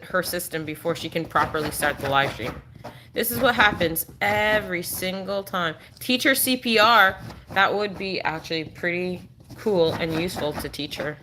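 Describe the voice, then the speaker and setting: Streaming live from a room in her home, a woman with a lowish voice chats casually and pauses between remarks to coax her dog in a sing-song tone. Background noise can be heard.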